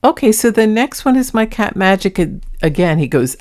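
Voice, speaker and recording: A woman's voice: mid-range voice, big pitch swings, normal speed, darkish tone. A woman hosting a paranormal vlog, introducing clips in casual, earnest, chatty narration with a light laugh now and then. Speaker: paranormal vlogger.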